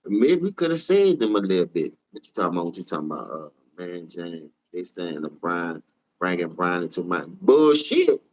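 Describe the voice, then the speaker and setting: A man hosts a live sports talk stream. He trash-talks players in a heated, profane rant. His delivery swings from low, muttered asides to high, shouted outbursts. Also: big pitch swings, moderate pace, rough recording. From New Orleans. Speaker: sports talk show host.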